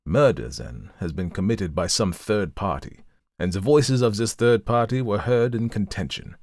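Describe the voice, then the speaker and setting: Cool analytical detective, read by a man, lower voice, measured formal delivery, storybook. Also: animated, darkish tone, no room sound, studio quality. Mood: lecturing. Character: coolly analytical male detective, methodical, lecturing. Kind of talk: audiobook reading of a classic story.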